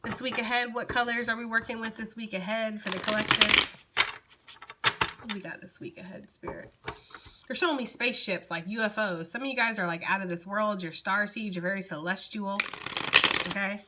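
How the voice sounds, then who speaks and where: A woman's voice: mid-range voice, fairly even intonation, brisk, very noisy. A young woman giving a casual, chatty tarot reading and talking straight to her viewers. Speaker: tarot reader.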